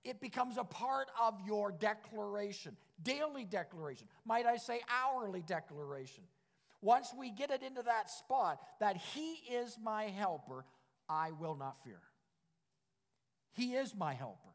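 A man preaching a sermon as pastor, in an emphatic style that repeats declarations and builds to loud passages. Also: sits high, expressive, a little slow, creaky. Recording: long reverb of a church hall.

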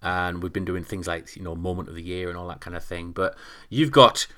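A man's voice: deep voice, fairly even intonation, a little fast, fairly bright tone. A man co-hosting a podcast in casual chat, joking, laughing often and trailing off mid-sentence. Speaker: podcast co-host.

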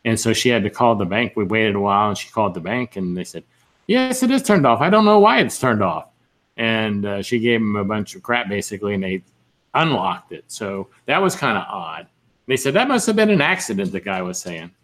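A man's voice: lowish voice, sing-song, a little fast, a bit bright. A man chatting casually as a podcast co-host, telling stories with lots of fillers and restarts. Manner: rambling storyteller, lots of fillers. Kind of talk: casual chat.

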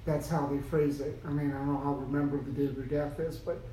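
A man in a class discussion speaks haltingly, reaching for his words. His fairly high voice sounds distant in an echoey room, with faint noise behind him. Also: flat delivery, mellow. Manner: hesitant, halting with fillers. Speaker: class participant. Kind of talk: casual discussion.

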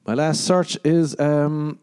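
A man's voice: a little high, fairly even intonation, slow, a little mellow, smooth. A young man hosting a rambling solo podcast, profane and jokey, often slipping into exaggerated mock voices. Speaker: podcast host.

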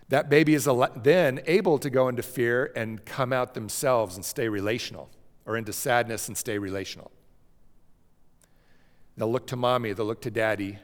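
A man speaks in a gentle teaching voice, pausing now and then to check in with his listeners. His pitch sits in a middle range. The sound carries a long reverb, as if from a large hall. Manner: gentle, repeats "okay?" to check in; drops to a soft cooing voice when acting out a parent. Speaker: speaker teaching about emotions. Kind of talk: slide lecture on child emotional development.

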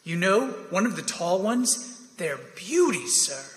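A man's voice: sits high, very animated, slow pace, heavily acted. A man reading the part of an eager young army lieutenant who keeps pleading with his superior in a staged play reading. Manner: wheedling, persistent, keeps saying sir. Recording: echoey reverberant hall.

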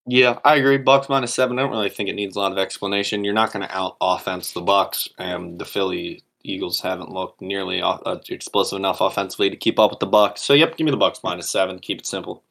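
Man co-host, lowish voice, forceful opinionated betting picks. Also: fast talker, vocal fry, hardly any pauses. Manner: emphatic, opinionated, pushes his points hard. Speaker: podcast co-host. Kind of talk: casual sports betting chat.

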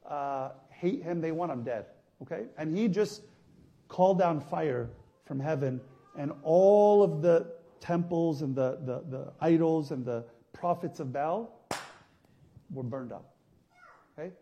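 A male priest giving a conversational sermon, going from soft, quiet asides to loud emphatic passages. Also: a little high, unhurried. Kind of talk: sermon teaching.

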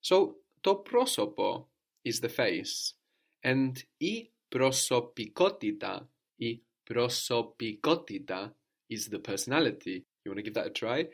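A man's voice: medium pitch, very animated, unhurried. A man teaching a spoken language lesson, explaining patiently and often checking in with a questioning "no?".

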